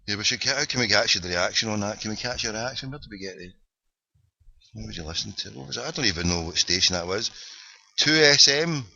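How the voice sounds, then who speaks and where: A Glasgow man hosts an internet show from a parked car, his lowish voice creaky, bright and forceful as he talks fast and animatedly. The jokey call-in banter is boisterous, rambling and full of wisecracks, captured in dry, dull lo-fi webcast audio.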